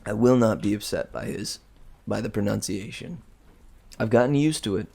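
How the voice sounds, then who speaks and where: A man's voice: fairly low pitch, moderate pace, gravelly, warm tone. A man who reads stories aloud, chatting in a rambling, self-amused way with frequent chuckles and restarts. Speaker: audiobook reader. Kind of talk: casual rambling aside.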